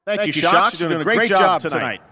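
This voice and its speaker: A male event host with a high, bright and forceful voice. He talks in a hyped, building way as he brings on a guest. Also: lively intonation, fairly quick. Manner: hyped, building up to a big introduction. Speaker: show host. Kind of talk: live event hosting.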